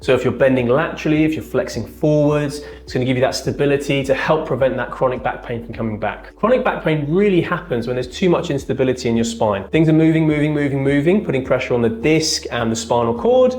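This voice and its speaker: Chiropractor explaining exercises, echoey room. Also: male voice, mid-range voice, expressive, fast talker, hardly any pauses, darkish tone, a little hiss or hum. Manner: explanatory, demonstrating exercises while talking. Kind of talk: exercise demonstration. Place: treatment room with a firm bed. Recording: echoey room, faint music.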